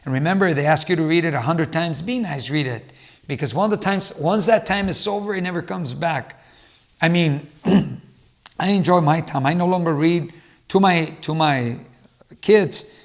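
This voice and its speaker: Man, middle-aged, slightly high voice, earnest, casual advice talk, former teacher, restarts often. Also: moderate pace. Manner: earnest, repeats himself with restarts. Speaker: motivational speaker and former teacher.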